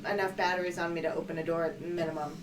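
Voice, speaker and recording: A woman with a lowish voice plays a tabletop game, eagerly asking how to get through. She sits away from the mic, with other voices chattering behind her. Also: level tone, very fast. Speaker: player. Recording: distant mic, crowd noise.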